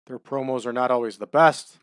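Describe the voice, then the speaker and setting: A man giving relaxed, chatty commentary over a wrestling management game, adding trivia as he goes. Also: medium pitch, a little fast, clear, resonant tone, no room sound, clean studio sound. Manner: laid-back, chatty, adds wrestling trivia.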